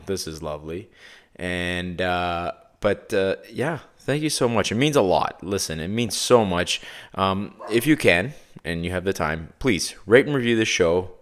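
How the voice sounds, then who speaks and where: A Canadian man from Toronto, with a Toronto accent, hosts a podcast in a casual, rambling way, full of fillers and tangents. His voice is low-pitched and a bit bright.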